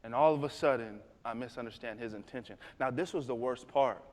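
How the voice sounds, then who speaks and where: A man giving a motivational talk, telling a story in an animated, conversational way. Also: mid-range voice, a little fast. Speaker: motivational speaker. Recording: echoey hall.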